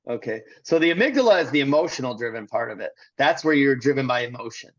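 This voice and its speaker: A man's voice: mid-range voice, lively intonation, fast, no room sound, highs cut off. A man as an interview guest, candidly telling a personal story in a rambling way with many restarts. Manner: rambling, restarts often, acts out quotes.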